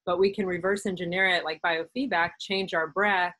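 A woman's voice: on the low side, steady tone, moderate pace, bright, forceful tone, dry recording, poor audio. A woman hosting a wellness interview, explaining things in a chatty way full of fillers. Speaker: podcast host, doctor. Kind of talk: casual conversational interview.

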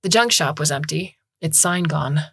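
A woman narrating a short story in a measured, even way. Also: low voice, creaky, slightly rough, no room sound. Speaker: story reader. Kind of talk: scripted narration.

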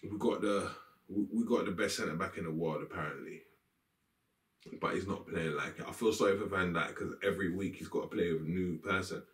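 A man's voice: low-pitched, brisk, reverberant, far from the mic. A man giving a blunt, exasperated post-match rant about his team, swearing as he goes. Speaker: football fan reacting to a match. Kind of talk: ranting post-match reaction. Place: room with green screen.

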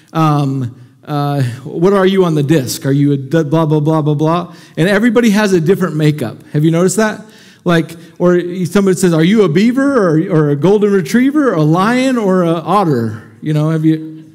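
Pastor guy with a high voice preaching, chatty, keeps asking the crowd questions. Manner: energetic, conversational, asks the congregation questions. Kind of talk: sermon. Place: church sanctuary before a congregation.

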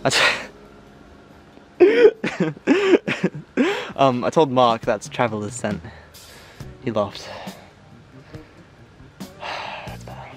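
A man's voice: lowish voice, sing-song, slow, long pauses, fairly bright tone, faint music behind. A young man out of breath on a steep outdoor trail, chatting and joking to an absent friend through a handheld camera. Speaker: vlogger. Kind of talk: casual hiking vlog talk to camera.

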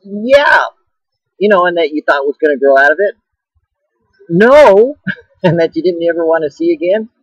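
A man's voice: a little high, expressive, moderate pace, pauses often, breathy edge, dry recording, lo-fi sound. A middle-aged man with a joking, playful manner, preaching casually in a vlog from a rest stop and laughing often. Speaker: Christian video blogger.

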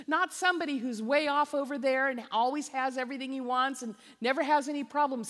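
A woman's voice: high-pitched, a little fast, few pauses. A woman preaching a sermon-style talk as a conference speaker, impassioned and emphatic, leaning on repetition. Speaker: conference speaker and biblical counselor. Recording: long reverb of a large hall.

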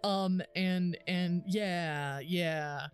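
A woman's voice: fairly low pitch, drawn-out words, soft background music. A young woman streaming a game, chatting casually and giggling often while she thinks aloud with lots of fillers. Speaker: livestreamer. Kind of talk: casual live gameplay commentary.

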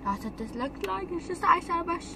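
A teenage girl doing her mother's makeup in a car, bossy and teasing, with sudden loud outbursts and giggles. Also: very high voice, expressive, fast talker, vocal fry, noisy background. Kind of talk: casual playful banter.

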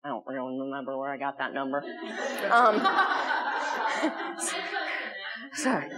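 In a community hall before a live audience, an American woman heading a spiritual community delivers a Sunday talk that is earnest and conversational, asking the listeners questions. Her voice is deep and unhurried, and a noisy crowd can be heard behind her.

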